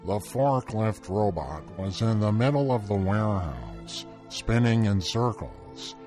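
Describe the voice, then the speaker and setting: A man's voice: lowish voice, very animated, measured pace, darkish tone. A man reading his own short first-person story in a dry, matter-of-fact way. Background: music.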